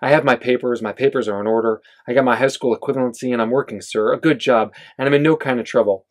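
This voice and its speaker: A man's voice: mid-range voice, steady tone, fast, lightly acted. A man reading aloud as a desperate man pleading urgently for his wife, at a bookstore reading.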